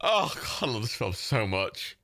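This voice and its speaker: An excitable man riffs through a movie for his livestream viewers, and his pitch leaps wildly from low mutters to high squeals. His voice is bright and forward. He swears casually and laughs often. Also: normal speed, vocal fry. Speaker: livestream host. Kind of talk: casual watch-party commentary.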